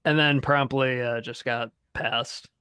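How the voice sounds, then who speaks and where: A man's voice: mid-range voice, steady tone, slow pace, bright, forceful tone, clear, resonant tone, no room sound. A man co-hosting a podcast in casual chat, joking and self-deprecating about his own efforts. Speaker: podcast co-host.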